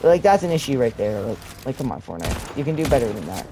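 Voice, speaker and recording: A man's voice: medium pitch, very animated, fast. Rambling young man complaining over gameplay. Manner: rambling, complaining, many fillers and restarts. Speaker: gamer. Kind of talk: gameplay commentary. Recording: faint game noise and gunfire behind.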